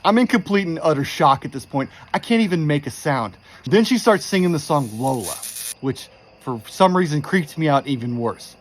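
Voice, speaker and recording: Animated man telling a creepy true story. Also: a little high, moderate pace, a little hiss or hum. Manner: animated, exasperated retelling with quoted dialogue. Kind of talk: casual spoken storytelling.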